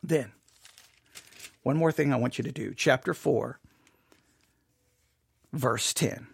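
A man leading an informal Bible study lesson, animated and questioning, acting out imagined objections. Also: medium pitch, slow, gravelly, breathy edge, no echo.

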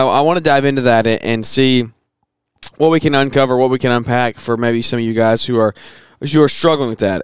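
A man in his thirties hosting a podcast, talking casually with a hoarse voice and plenty of fillers and restarts. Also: mid-range voice, no echo, clean studio sound. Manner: chatty, rambling with fillers and restarts. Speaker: podcast host.

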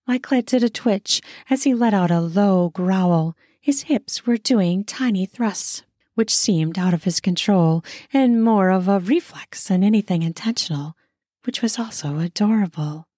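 A woman narrating a first-person erotic audio story in an intimate, soft, drawn-out manner. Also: medium pitch, no echo, studio quality.

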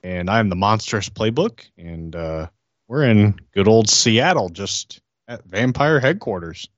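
Man, lowish voice, relaxed jokey player, dull dry home mic. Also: unhurried, dry recording. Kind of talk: casual tabletop game chat.

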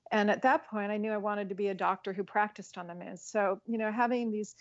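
A woman in her sixties from Colorado, a physician, giving thoughtful, measured answers in an interview. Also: mid-range voice, steady tone, highs cut off. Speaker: physician guest.

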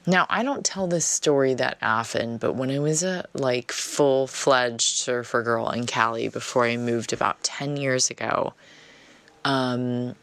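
Woman with a gravelly voice, chatty. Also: rumbling low, unhurried, dry recording. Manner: chatty, frequent "like" fillers. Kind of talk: casual storytelling monologue.

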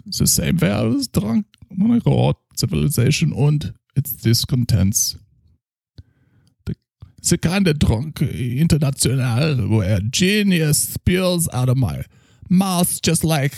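A man voicing a pompous, tipsy male German psychoanalyst with a put-on German accent, slow and grandiose in his boasting. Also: a little high, sing-song, creaky, a little mellow, dry recording, clean studio sound, pitched above the performer's own voice, full character voice. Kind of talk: improvised comedy character.

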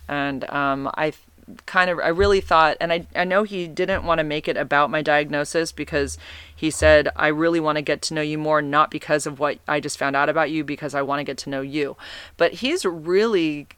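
Vlogger, casual storytelling, rambling, self-correcting, candid, smooth voice, dry close sound. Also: mid-range voice, normal speed, fairly bright tone, dry recording.

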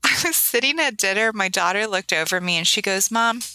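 A woman's voice: mid-range voice, a little fast, no echo, poor audio. A woman in her thirties, a podcast guest, talking earnestly and with feeling about her family, often adding "right?" and acting out quoted lines. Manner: earnest, emotional storytelling with lively quoted voices; repeats "right?" for emphasis. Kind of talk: heartfelt interview talk.

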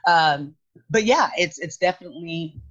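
A woman co-hosting a podcast, chatting casually and telling stories in an emphatic, animated way. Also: on the low side, normal speed, highs cut off. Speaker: podcast co-host. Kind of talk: casual chat.

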